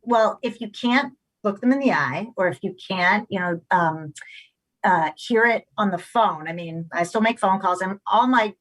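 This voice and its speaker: A middle-aged woman speaking as an expert on a discussion panel. Her voice sits at an ordinary middle pitch. She talks in an animated way, restarting often and acting out quoted lines. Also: normal speed, low-quality recording. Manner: animated, acts out quoted speech, frequent restarts.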